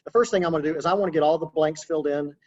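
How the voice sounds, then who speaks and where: A man teaching real estate agents in a loose, chatty webinar session, his voice sitting a little higher than most men's. The audio is slightly muffled and dull, the way a video call sounds. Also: racing, a little mellow. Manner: casual, conversational, practical coaching. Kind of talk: webinar training talk.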